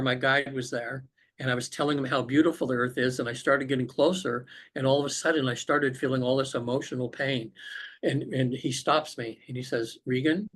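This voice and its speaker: A man's voice: medium pitch, fairly bright tone. Earnest man telling a personal story. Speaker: podcast guest, author. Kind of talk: recounting a personal spiritual experience. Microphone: remote call connection.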